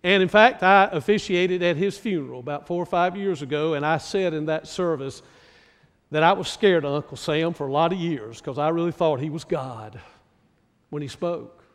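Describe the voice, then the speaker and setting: A male pastor from North Carolina preaches slowly and deliberately, asking his listeners many questions. His voice is a little high, and a long reverb tail follows his words.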